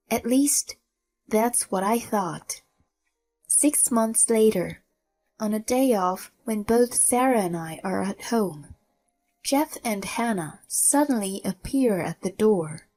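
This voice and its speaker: A middle-aged woman narrating her own story in the first person, slow and measured. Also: mid-range voice, darkish tone, rough recording.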